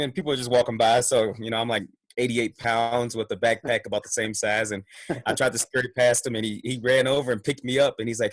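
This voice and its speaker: Man recalling his start, relaxed. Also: medium pitch, fast, dry recording. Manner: relaxed, self-deprecating storytelling. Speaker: interview guest. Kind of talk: casual recollection.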